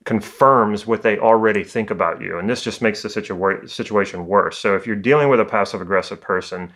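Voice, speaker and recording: A man working as a communication coach, giving a calm, conversational educational talk. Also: on the low side.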